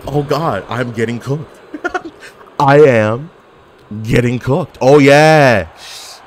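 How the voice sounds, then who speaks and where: A man giving casual, excitable commentary while playing a video game, trash-talking and laughing often. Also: mid-range voice, extremely slow, slight background noise. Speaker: gaming commentator.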